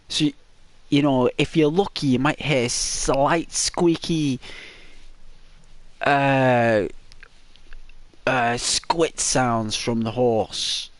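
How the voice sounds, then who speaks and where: A man hosting a gaming channel, giving soft, drawn-out semi-ASMR commentary on gameplay, sometimes whispering. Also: mid-range voice, dry recording.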